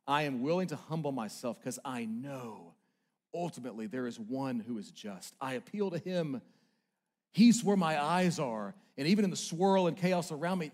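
A man preaching a sermon as pastor, with emphatic delivery that swings between loud urgent peaks and quiet low asides, building repeated short phrases. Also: lively intonation, moderate pace.

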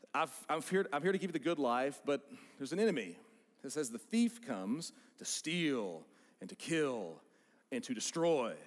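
An American pastor delivers a sermon in an animated, conversational style. His voice sits a bit high for a man and swings widely in pitch. A long reverb from a large church hall follows his words. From United States.

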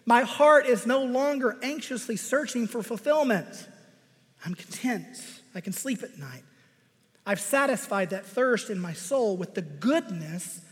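A man preaching a sermon, measured and emphatic, with deliberate pauses. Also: extremely high pitch, lively intonation. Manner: measured, emphatic pauses, reads scripture aloud. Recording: reverberant hall.

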